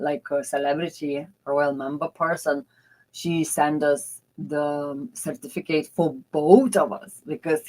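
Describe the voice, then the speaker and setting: Woman love coach, low voice, very unhurried; earnest, confiding, non-native English with loose grammar. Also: rough recording. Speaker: love and dating mentor. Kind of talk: motivational personal storytelling.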